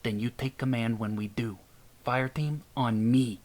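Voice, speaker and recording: A man voicing a gruff male sergeant who gives curt, bossy orders. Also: medium pitch, steady tone, unhurried, a little mellow, close to an everyday voice. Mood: commanding.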